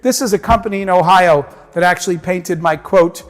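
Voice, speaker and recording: Male keynote speaker, animated storyteller, fairly high voice, reverberant conference hall. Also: a little fast. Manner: animated storyteller acting out dialogue.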